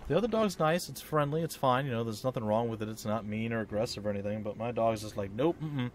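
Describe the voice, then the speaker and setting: A man's voice: medium pitch, fast, slight background noise. A man giving casual, rambling, self-mocking commentary while playing a video game at home. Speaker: let's play host.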